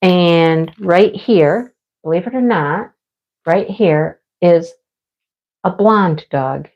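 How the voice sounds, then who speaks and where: A woman's voice: fairly low pitch, extremely slow, muffled recording. A middle-aged woman chatting casually with her viewers while she works on a craft, laughing often. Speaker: livestream crafter. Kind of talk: casual chat while diamond painting.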